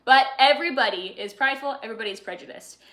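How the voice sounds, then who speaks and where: A woman in her twenties giving a chatty, sassy, animated book review vlog. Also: high-pitched, rapid-fire.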